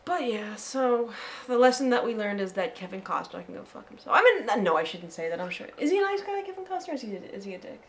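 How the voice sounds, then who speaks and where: A woman's voice: a little high, big pitch swings, fast, hardly any pauses. A woman from southeastern Pennsylvania with a Philadelphia American accent, chatting casually as co-host and rambling with lots of fillers. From southeastern Pennsylvania, USA. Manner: rambling, heavy on fillers like "like" and "you know". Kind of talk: casual chat.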